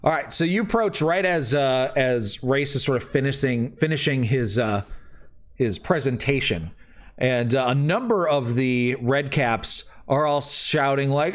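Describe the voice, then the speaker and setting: A man's voice: medium pitch, measured pace. A man narrating a tabletop game as game master, loose and rambling with many fillers.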